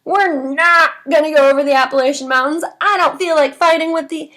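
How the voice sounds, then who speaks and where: A woman's voice: high-pitched, steady tone, fairly quick, a bit bright. A woman doing a curt, bossy king. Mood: stern. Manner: curt, commanding. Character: stern bossy male king giving orders.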